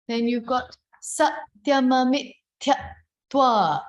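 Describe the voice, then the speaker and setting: Woman, chant teacher, slow and patient, a little high, video call, roomy echo. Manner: explains slowly, then chants and sings phrases. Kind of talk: online chant rehearsal teaching.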